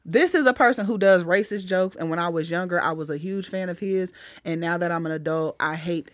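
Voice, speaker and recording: A middle-aged woman comedian talking in a casual podcast chat, blunt and animated, swearing freely as she tells stories. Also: lowish voice, a little fast, dry recording, clean studio sound. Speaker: comedian guest.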